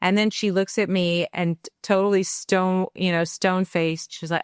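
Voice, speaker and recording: A woman co-hosting a parenting podcast tells a candid, reflective personal story, animatedly acting out the quoted dialogue as she goes. Her voice is fairly low and smooth at a moderate pace, captured in a dry, clean studio recording.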